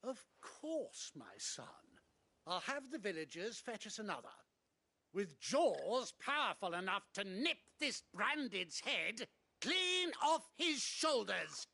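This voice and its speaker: Game nobleman: pompous, cruel, lively high voice. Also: slow pace, gravelly, exaggerated voice. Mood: scheming. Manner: pompous, indignant, theatrical. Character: haughty cruel nobleman, adult man, arrogant. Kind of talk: video game voice acting.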